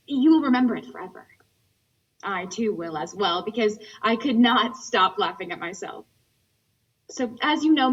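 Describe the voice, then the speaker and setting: A woman playing a playful young woman telling a funny story. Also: fairly high pitch. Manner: animated, amused retelling. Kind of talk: theatre monologue over video call. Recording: breathy, distant, muffled video-call audio.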